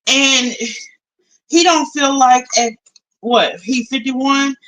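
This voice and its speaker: A young woman live streamer in casual chat, animated and talkative, switching between low mutters and loud outbursts. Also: slow pace, rough recording. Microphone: phone.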